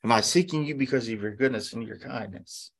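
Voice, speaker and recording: A man's voice: mid-range voice, fairly quick, gravelly, breathy edge. A male pastor preaching a sermon in a conversational way, asking rhetorical questions and acting out quotes.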